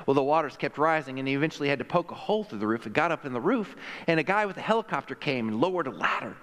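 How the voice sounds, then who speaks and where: Man, pastor, sermon, emphatic, conversational, somewhat high voice, long church reverb. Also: fast, a bit bright. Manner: emphatic, conversational, with acted-out quotes. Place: church sanctuary.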